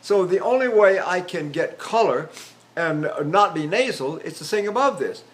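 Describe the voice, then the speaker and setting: This voice teacher is an older trained tenor whose high-pitched, expressive delivery moves at a moderate pace. Lecturing on technique, he stops to sing syllables and vowels, and his speech includes fillers and false starts.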